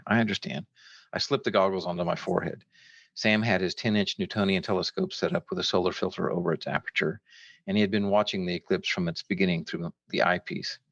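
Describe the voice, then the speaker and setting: An older man, an author, reading from his novel in a measured, steady way. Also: low-pitched, vocal fry, dry recording, highs cut off.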